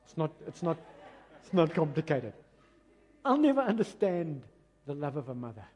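A man preaching a passionate, emphatic sermon that swings between loud and quiet. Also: a little high, very animated, moderate pace, slightly rough, dull audio. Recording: long reverb of a large hall.

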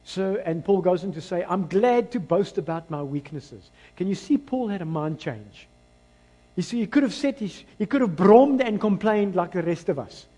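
A man with a South African accent preaching a lively, emphatic sermon to his church. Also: high voice, moderate pace. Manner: animated, rising to emphatic bursts. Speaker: pastor. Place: church hall. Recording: long church hall reverb.

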